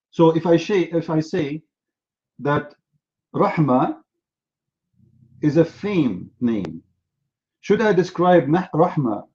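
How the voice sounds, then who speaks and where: Man, debate host, combative, mocking, lecturing, slightly high voice, dull lo-fi audio. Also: darkish tone. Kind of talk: heated live online debate.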